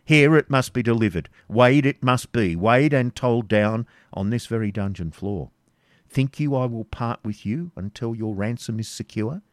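Storybook villain: a harsh, mocking knight-baron, voiced by a male reader, commanding and forceful, close dry sound. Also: medium pitch, moderate pace, no echo, lightly acted. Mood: stern. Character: cruel, sarcastic medieval male baron.

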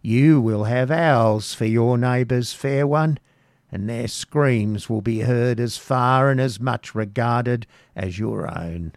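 A man's voice: medium pitch, takes it slowly, darkish tone, no room sound, clean studio sound. A man putting on a spiteful old hag. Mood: scornful. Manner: muttering, scornful.

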